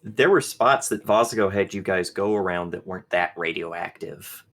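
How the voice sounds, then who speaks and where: A man running a tabletop game as game master, narrating in a relaxed storytelling way. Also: low voice, moderate pace.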